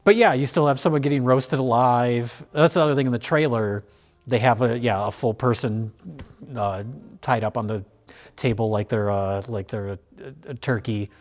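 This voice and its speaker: A man's voice: medium pitch, moderate pace, soft background music. A man hosting a film review show, chatting casually with fillers and restarts. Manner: rambling, many fillers and restarts, laughs easily.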